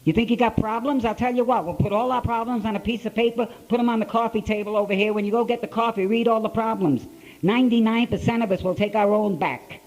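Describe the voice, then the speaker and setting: The recording is poor, capturing an older man's high-pitched, darkish voice moving at a quick pace. He has an Ohio accent and is speaking live to an audience in a conference hall at a recovery conference, telling a story that is blunt and repetitive.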